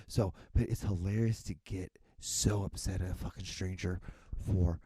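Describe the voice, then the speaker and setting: A man's voice: low-pitched, fairly even intonation, normal speed, warm tone, slightly rough, no room sound. A young man hosting a solo podcast, rambling with frequent restarts and casual swearing. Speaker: podcast host.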